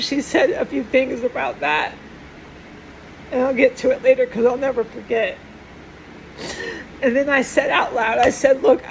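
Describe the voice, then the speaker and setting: A middle-aged woman speaks in a tearful, rambling personal monologue. She keeps trailing off and starting over. Her voice is fairly high with a gravelly edge, and faint noise sits underneath. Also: poor audio. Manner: rambling, upset, trailing off and restarting.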